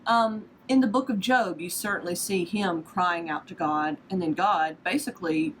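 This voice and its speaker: A woman's voice: fairly low pitch, moderate pace, a little hiss or hum, low-quality recording. A woman, hosting a casual devotional podcast in a chatty, self-deprecating storytelling manner. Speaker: podcast host.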